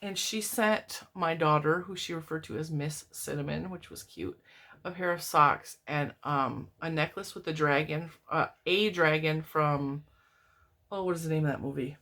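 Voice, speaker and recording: A middle-aged woman talks through her fan mail at home in an easygoing, rambling way. Her voice sits a little low, yet it leaps up whenever something delights her, and she laughs often between her sentences. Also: normal speed. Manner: chatty and rambling, laughs often, pitch leaps up when excited. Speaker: crochet vlogger opening mail from viewers. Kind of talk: casual chat. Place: home, indoors, TV on in the room.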